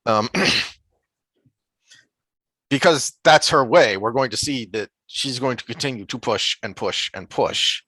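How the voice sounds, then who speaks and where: A man's voice: mid-range voice, slow, sharp tone, slightly rough, dry recording. A man co-hosting a casual book discussion podcast, thoughtful and full of fillers and restarts, sometimes reading passages aloud. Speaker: podcast co-host.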